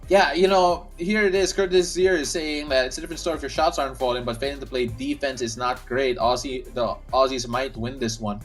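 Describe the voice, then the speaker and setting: A man's voice: medium pitch, steady tone, a little fast, hardly any pauses, fairly bright tone, soft background music. Chatty man hosting a basketball watch-along. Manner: chatty, reads viewer comments aloud, frequent restarts. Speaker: host of a live watch-along stream. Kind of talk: casual play-by-play and chat reading.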